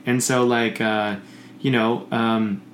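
A man talking in casual conversation, rambling and animated, often swearing and acting out the voices he quotes. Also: mid-range voice, slow. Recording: echoey room with faint noise.

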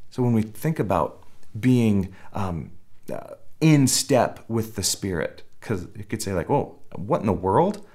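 A man with a fairly low voice delivers a sermon in a relaxed, conversational style. He restarts phrases as he goes and slips into short acted quotes to make his points. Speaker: pastor.

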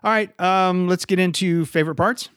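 A man's voice: high voice, fairly even intonation, normal speed, a bit bright, clean tone, no room sound, studio quality. Laid-back man teasing his co-host. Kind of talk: casual movie review chat.

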